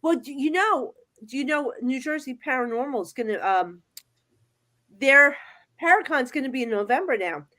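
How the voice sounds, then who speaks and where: High, bright-voiced chatty woman. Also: animated. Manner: chatty, quick to chime in and agree. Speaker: podcast co-host. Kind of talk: casual chat.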